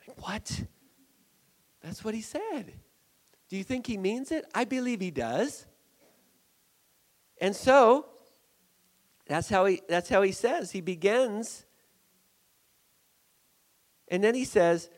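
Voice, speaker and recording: A man, a pastor, preaching a sermon in an animated way, swinging from loud emphasis to quiet, low asides. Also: measured pace, pauses often.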